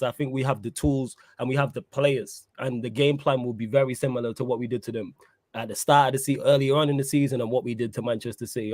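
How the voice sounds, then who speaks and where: Relaxed man host, mid pitch, dry recording. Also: no room sound. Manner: laid-back, laughs often, reads viewer comments. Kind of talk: casual football chat with live chat.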